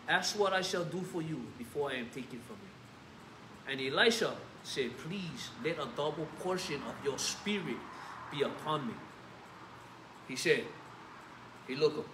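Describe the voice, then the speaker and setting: A man's voice: a little high, a bit bright, echoey room, a little hiss or hum. A man with a Hawaiian Pidgin-tinged accent preaching casually and reading scripture, tossing in "yeah?" and "bro". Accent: Hawaiian Pidgin-tinged English. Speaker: pastor. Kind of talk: informal sermon with scripture reading. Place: church sanctuary.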